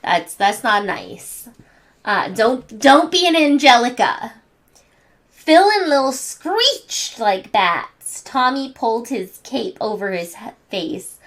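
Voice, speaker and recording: A woman reading a bedtime story aloud to children in a gentle manner. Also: fairly high pitch, big pitch swings. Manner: gentle, slow reading to kids. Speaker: storybook reader.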